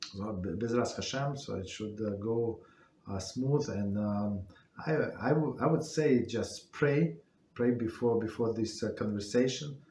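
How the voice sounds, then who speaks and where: Halting man teaching a Torah class. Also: lowish voice, dark tone, reverberant, a little hiss or hum. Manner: halting, many fillers and restarts. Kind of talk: casual spoken Torah class.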